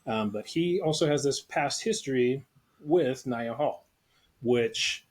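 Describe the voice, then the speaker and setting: A man's voice: medium pitch, slow pace. A man co-hosting a casual movie discussion podcast, joking and rambling with frequent laughs. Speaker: podcast co-host.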